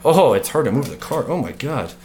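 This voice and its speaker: A man hosting a casual card review vlog at home, animated, swearing freely and breaking off into joking rants. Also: medium pitch, brisk. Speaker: card game video host.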